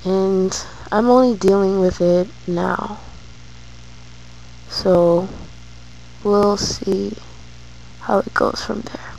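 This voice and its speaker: A woman's voice: medium pitch, steady tone, drawn-out words, creaky, pauses often, darkish tone, a little hiss or hum, poor audio. A woman vlogging, telling a personal story in a hesitant way with many fillers.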